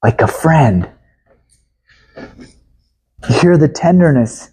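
A man preaching a sermon in an emphatic way, swinging from loud to hushed and chuckling at times. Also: mid-range voice, very slow, pauses often, breathy edge.

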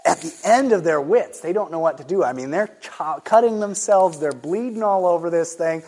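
A man preaching a sermon in an emphatic, conversational way, slowing down to stress his points. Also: fairly high pitch, expressive, darkish tone.

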